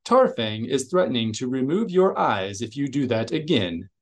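A man's voice: mid-range voice, big pitch swings, moderate pace. A man doing a fussy, formal droid translator.

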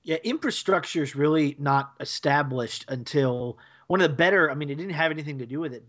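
A man co-hosting a podcast, explaining his points at length with quick asides. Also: mid-range voice, a bit bright. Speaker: podcast co-host. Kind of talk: casual podcast chat. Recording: dull podcast audio.

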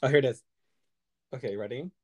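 A man's voice: medium pitch, a little fast, warm tone, slightly rough. A man hosting a podcast, chatting casually and playfully, giggling often. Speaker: podcast host.

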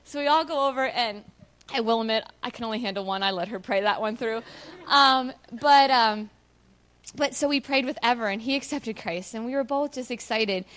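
Woman, kinda high voice, telling a church testimony story, chatty and earnest, acts out the quotes. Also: moderate pace. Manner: animated storyteller who acts out quoted dialogue; earnest, chatty, many fillers. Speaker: mission team member sharing a testimony. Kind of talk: personal testimony to a church audience.

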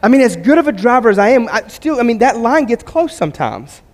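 A man's voice: very high-pitched, very animated, brisk. A man preaching a sermon to his church in a conversational manner, mixing scripture with humorous personal stories. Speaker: pastor. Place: church sanctuary. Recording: long hall reverb.

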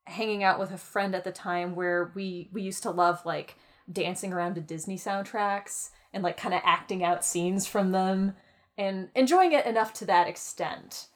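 A woman in her thirties co-hosting a podcast in casual chat, giddy and excitable, laughing often. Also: medium pitch. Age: 30s. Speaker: podcast co-host.

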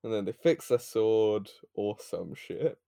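A man's voice: fairly low pitch, lively intonation, takes it slowly, gravelly, mellow, no room sound, clean studio sound. A man co-hosting a podcast, recapping a TV episode in a laid-back, profane, giggly way. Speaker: podcast co-host. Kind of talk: casual recap chat.

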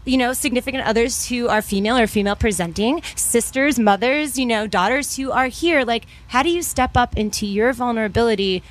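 A woman from New Mexico moderating a panel, talking in an earnest, animated storytelling way. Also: fairly high pitch, brisk, few pauses. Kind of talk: casual panel talk.

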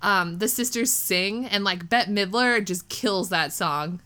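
Bright-voiced woman, animated movie chat. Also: medium pitch, a little slow. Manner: animated, acts out quotes from scenes. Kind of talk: casual chat.

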